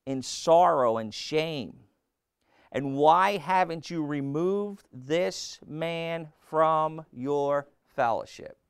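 A man preaching with a gravelly, fry-edged voice, pitched a bit high for a man. He presses his points with rhetorical questions and repeated phrases. The sound is dry and close, with no room echo. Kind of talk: sermon.

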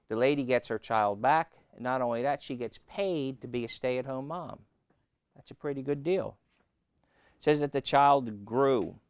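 A man preaching a sermon, emphatic, rising loud and high on key points and calling out questions to the congregation. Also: creaky, no echo, clean studio sound.

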